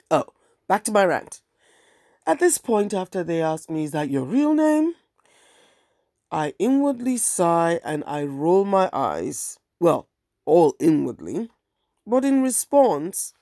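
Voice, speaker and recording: A woman hosts her own podcast in a candid, wry, ranting monologue. Her voice sits low and mellow with a gravelly edge. The recording is close and dry. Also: dry recording. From African heritage. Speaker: podcast host and bookseller.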